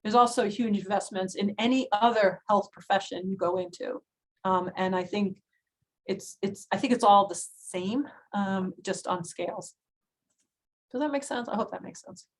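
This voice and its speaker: A woman in her sixties, a physician talking casually with pre-med students in a frank, chatty way, with many fillers and lively storytelling. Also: mid-range voice, moderate pace, rough recording. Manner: frank and emphatic advice. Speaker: physician and director of student health.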